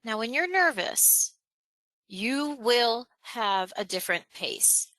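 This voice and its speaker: Upbeat woman presenter with a bright voice. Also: on the high side, takes it slowly, dry recording, rough recording. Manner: energetic, emphatic, varies tone and pace on purpose. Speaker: webinar presenter. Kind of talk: online presentation training.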